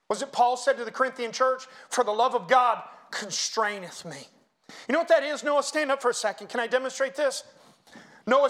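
Middle-aged male pastor, high voice, preaching in church with big swings between quiet and loud. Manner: preaching with swings from hushed to loud, chanting hymn lines. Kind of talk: sermon.

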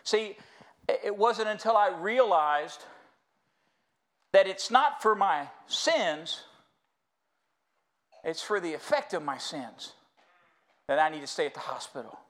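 A man's voice: high-pitched, lively intonation, slow pace, pauses often, a bit bright. A middle-aged American man preaching a sermon in church, folksy and storytelling, calling the congregation y'all. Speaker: pastor. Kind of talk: sermon with humor. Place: church sanctuary.

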